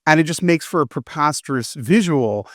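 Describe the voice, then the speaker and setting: A man's voice: on the high side, lively intonation, normal speed, no echo, clean studio sound. A man, a film reviewer, chatting casually on a podcast and acting out characters' lines as he retells a plot.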